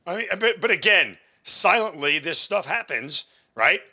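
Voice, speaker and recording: A man's voice: high voice, expressive, measured pace, sharp tone. A man on a sports talk show, ranting emphatically and indignantly about a league's failures.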